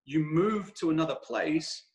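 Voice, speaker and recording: A British man, a podcast guest, telling stories in a lively, animated way with frequent restarts. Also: fairly high pitch, measured pace, creaky, poor audio. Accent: British, shifting between regions. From England. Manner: animated storyteller, many restarts. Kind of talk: casual conversation.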